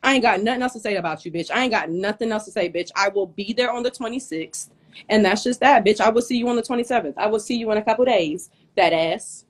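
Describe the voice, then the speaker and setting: A woman's voice: mid-range voice, fast. A woman hosting a live stream, ranting angrily and profanely at a rival, hot and sweating as she talks into her phone. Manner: angry, profane, confrontational. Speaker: livestream host. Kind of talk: heated livestream rant.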